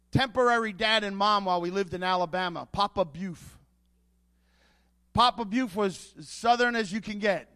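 A man's voice: sits high, bright, forceful tone. A man preaching a sermon as pastor, emphatic, building his points with repeated rhetorical questions.

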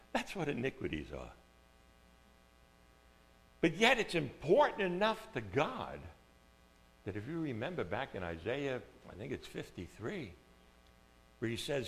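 A man preaching a conversational sermon, dropping to soft asides and then rising to loud, emphatic lines of scripture. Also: mid-range voice.

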